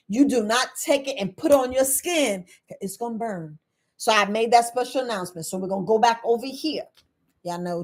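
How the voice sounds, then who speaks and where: A middle-aged woman herbalist, talking casually to her viewers, animated and laughing often. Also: medium pitch. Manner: animated, laughing, acts out quoted people in a raised voice. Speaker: herbalist host.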